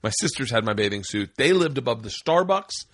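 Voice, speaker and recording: A middle-aged man hosting a podcast, telling a story in casual chat, swearing freely and acting out shouted quotes. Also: mid-range voice, expressive, fairly quick, dry recording. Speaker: podcast host. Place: indoor studio room.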